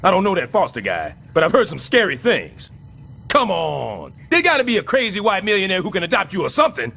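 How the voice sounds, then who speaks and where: An actor playing a scheming middle-aged building superintendent in an animated sitcom, sarcastic and overdramatic. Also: male voice, high voice, a little fast, gravelly, husky, full character voice.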